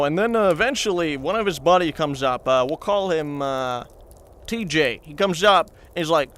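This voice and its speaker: A man's voice: sits high, animated, normal speed, fairly bright tone. A man telling a comedic, meandering anecdote in character as a reporter, chatting to his viewers.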